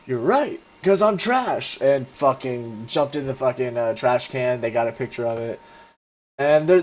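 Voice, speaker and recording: A man's voice: mid-range voice, darkish tone. A man in his twenties casually telling a rambling, profane story, full of fillers and restarts. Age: 20s. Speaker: vlogger.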